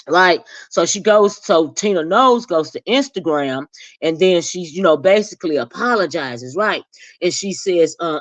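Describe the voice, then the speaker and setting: A woman's voice: moderate pace, no room sound, highs cut off. Sassy woman dishing celebrity gossip. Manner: sassy and animated, jumps high when acting out reactions. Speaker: gossip commentary host. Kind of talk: casual celebrity gossip chat.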